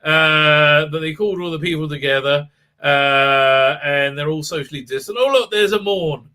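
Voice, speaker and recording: A man's voice: a little high, normal speed, sharp tone. A man hosting a live stream, recapping a show in a sarcastic, mocking way with frequent laughs.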